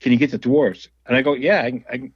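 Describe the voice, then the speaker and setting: A man's voice: mid-range voice, fairly even intonation, fairly quick, slightly rough, no room sound, dull audio. A man telling rambling stories as a music interview guest, with frequent laughs and restarts. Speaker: guest musician and label owner. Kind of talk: casual storytelling interview.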